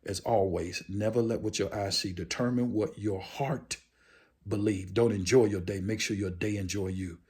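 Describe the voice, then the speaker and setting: A man's voice: fairly low pitch, fairly even intonation, moderate pace, a little mellow, breathy edge. A man giving a motivational speech as host, talking emphatically and repeating his key phrases for effect. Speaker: motivational speaker.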